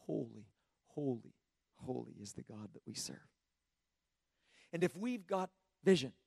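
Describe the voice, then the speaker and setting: A slightly hoarse man preaching a sermon in an earnest, emphatic way, asking rhetorical questions and often restarting his words. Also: a little high, no echo, studio quality. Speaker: pastor.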